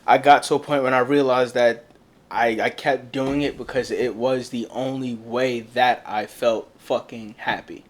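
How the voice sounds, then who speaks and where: A young man co-hosting a casual podcast, telling a personal story in a blunt, profane, animated way. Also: medium pitch, measured pace. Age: young adult. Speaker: podcast co-host. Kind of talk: casual candid chat.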